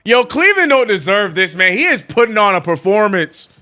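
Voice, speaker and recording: A man hosting a live sports watch-along, chatting casually and excitably with lots of slang and repeated "bro". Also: sits high, a little fast. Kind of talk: casual live-stream chat.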